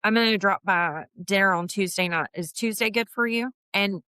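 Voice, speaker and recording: A woman, a guest talking candidly in an interview, earnest and full of restarts, with lively emphatic bursts. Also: medium pitch, moderate pace, dry recording. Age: 50s.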